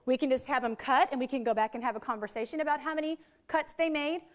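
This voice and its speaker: A woman's voice: sits high, fast. A woman trainer presenting a teacher workshop in a training room, explaining teaching methods and leading the audience in call-and-response drills. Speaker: literacy trainer.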